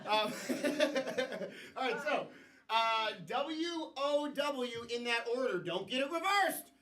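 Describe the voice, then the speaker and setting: A man hosting improv games on a comedy stage, playful and often laughing, with loud announcements. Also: extremely high pitch, animated, takes it slowly. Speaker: improv show host. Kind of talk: live improv game hosting. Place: comedy theater with live audience. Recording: distant mic, loud audience.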